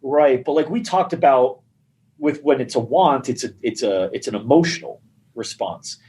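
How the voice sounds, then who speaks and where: A man's voice: medium pitch, moderate pace, rough recording. A man on a podcast telling a sales story in casual talk, acting out the people in it. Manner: animated storyteller acting out dialogue. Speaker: gym marketing guest.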